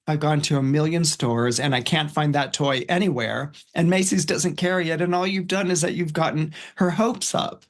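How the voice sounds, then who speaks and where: A man's voice: a little high, moderate pace, hardly any pauses, close to an everyday voice. A man voicing a harried, exasperated working mother from a film scene he is retelling, talking in long gushing run-ons.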